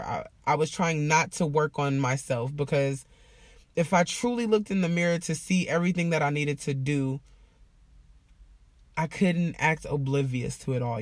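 A woman's voice: sits low, dry recording. Woman vlogger, heartfelt and casual, swears easily, dead dry recording. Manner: emotional, heartfelt, profane and casual. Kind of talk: candid personal vlog talk.

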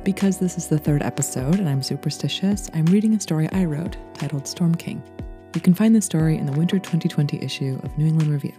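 A woman from Brooklyn, host and writer, reading a literary short story aloud in a steady, intimate storytelling manner. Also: deep voice, fast talker, soft background music. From Brooklyn, New York.

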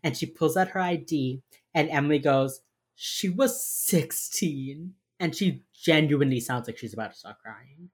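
Low husky woman, casual chat. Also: brisk. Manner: animated, acts out characters' lines, swears freely. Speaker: podcast co-host recapping a TV crime drama.

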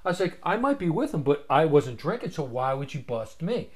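A man telling an old story in casual chat, animated and acting out the voices of others, swearing freely. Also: a little high, a little fast.

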